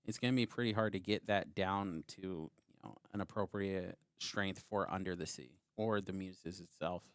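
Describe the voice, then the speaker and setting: A man's voice: low-pitched, moderate pace, clean tone, no room sound, clean studio sound. A man giving analytical commentary on a card game match, explaining plays step by step.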